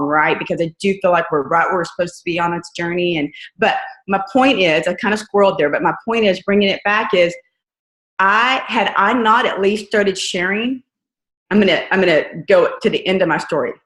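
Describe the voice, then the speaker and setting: A woman's voice: fairly low pitch, brisk, fairly bright tone. Earnest woman in an echoey room. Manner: earnest, conversational, often asks "right?". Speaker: guest speaker on a team call. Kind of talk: motivational talk.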